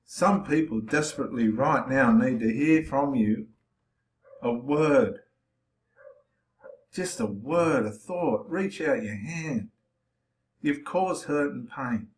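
A man's voice: mid-range voice, takes it slowly, long pauses. A man preaching with passion to the camera, confronting and challenging his listeners directly. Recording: roomy echo.

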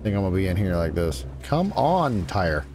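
A man's voice: sits low, very animated, normal speed, music in the background. A man giving casual live commentary as he plays a survival game, chatting along and teasing the creatures on screen. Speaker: gaming streamer.

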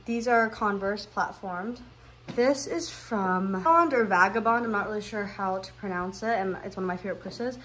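A woman's voice: on the high side, a bit bright, slight background noise, low-quality recording. A young woman talking casually to camera for her vlog, rambling with lots of fillers and laughing often. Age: young adult. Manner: rambling, filler-heavy, giggly. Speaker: vlogger.

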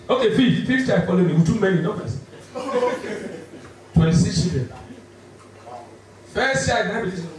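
Nigerian comedian, high voice in an echoey hall. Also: male voice, animated, background noise. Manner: rapid Pidgin-laced banter, laughing often. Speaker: stand-up comedian. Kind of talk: live stand-up comedy. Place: large indoor venue with live audience. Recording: echoey hall from far off, loud crowd.

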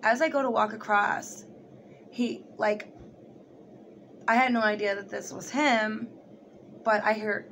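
A young woman retells a story straight to her camera, rambling and leaning on filler words like "like" and "you know". Her voice stays fairly level in pitch throughout. A faint hiss sits under the recording. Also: a little slow, gravelly, long pauses. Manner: rambling, heavy use of "like", animated retelling. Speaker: vlogger.

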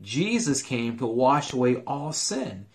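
A man telling a Bible story to children, in an earnest and expressive storytelling manner. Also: medium pitch, slow.

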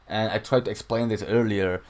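A man's voice: on the low side, fairly even intonation, a little fast, a little mellow. A young man casually talking through a game tutorial at home, rambling and swearing often. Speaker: gaming channel host. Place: home room.

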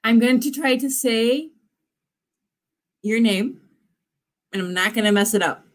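A woman's voice: fairly high pitch, unhurried. A woman author hosting a live writing stream, chatting in a bubbly, effusive way. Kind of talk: casual live-stream chat.

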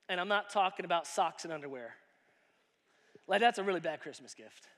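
A man with a very high, bright voice preaches a sermon to his church. He swings between loud, excited shouting and quiet, drawn-out asides. A long reverb trails his words around the auditorium. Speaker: pastor.

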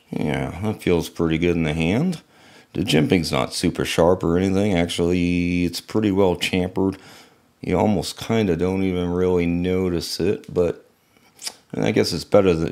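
A man's voice: low-pitched, normal speed, a little mellow. A man casually unboxing and reviewing a knife, musing to himself as he handles it.

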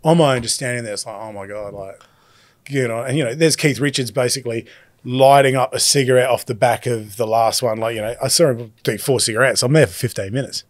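Middle-aged Australian guy, lively and loose, swears freely; dry close sound, mid-pitched voice. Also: dry recording. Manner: animated, swears freely, quick bursts. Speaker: guest DJ. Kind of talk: casual storytelling.

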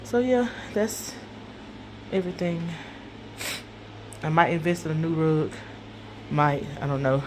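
A woman's voice: low-pitched, steady tone, a little slow, long pauses, noisy background. Chatty woman vlogging at home. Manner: chatty, addresses viewers as y'all, repeats herself. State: stuffy nose. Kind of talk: casual home vlog talking to viewers. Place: living room at home.

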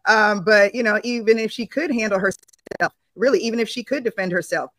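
A woman on a video call in a casual panel discussion, talking in an animated way and acting out other people's tones. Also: mid-range voice, brisk.

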